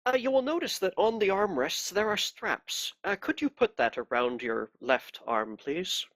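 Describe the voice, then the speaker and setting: A man's voice: high-pitched, moderate pace, no room sound, pitched above the performer's own voice. A man doing a cold, polite inquisitor. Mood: coldly polite. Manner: calm, formal and menacing.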